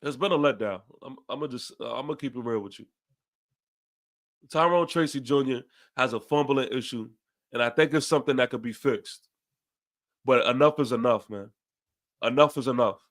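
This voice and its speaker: A man's voice: mid-range voice, normal speed, pauses often. A young man with a New York accent hosting a fan podcast, ranting after a loss, emphatic and repeating his phrases. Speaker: podcast host. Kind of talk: fan post-game rant.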